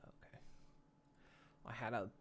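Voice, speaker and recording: A man's voice: measured pace, fairly bright tone, whispered. A man chatting casually on a long live stream, laid-back and rambling, laughing often and yawning between lines.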